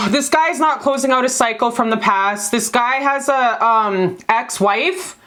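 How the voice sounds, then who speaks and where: A woman's voice: a little high, unhurried, fairly bright tone. A woman giving a casual tarot reading to camera, slangy and profane, calling viewers baby and sis. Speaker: tarot card reader.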